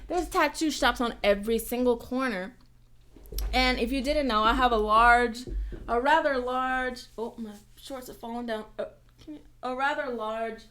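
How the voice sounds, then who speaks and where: An American woman hosting a casual live-stream Q&A, chatty and animated, jumping from loud exclamations to whispered asides. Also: on the high side. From United States.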